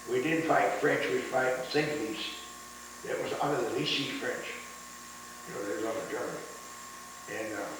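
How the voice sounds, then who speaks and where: Older man recounting war memories, roomy. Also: mid-range voice. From United States. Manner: rambling storytelling with many restarts, chuckling at the memories. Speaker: war veteran interviewee. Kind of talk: oral history interview. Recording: roomy, distant mic with faint hiss.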